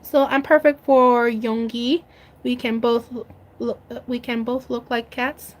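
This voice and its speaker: High-voiced emotional woman vlogger. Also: little pitch movement, a little slow, noisy background. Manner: emotional, gushing, laughs a lot. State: tearful. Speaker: vlogger on a live stream. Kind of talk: casual live-stream chat.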